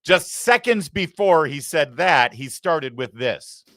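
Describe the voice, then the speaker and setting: A middle-aged male host delivering political commentary with biting sarcasm and indignation. His pitch swings widely as he presses each point, and the sound is close and dry with no room around it. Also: expressive, slow, fairly bright tone, dry recording.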